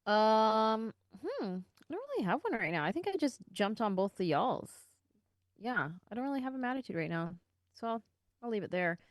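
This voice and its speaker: A woman hosting a podcast in a studio, telling stories in a lively, casual way and using a lot of slang. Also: fairly high pitch, normal speed, no echo. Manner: animated storyteller with casual slang. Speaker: podcast host.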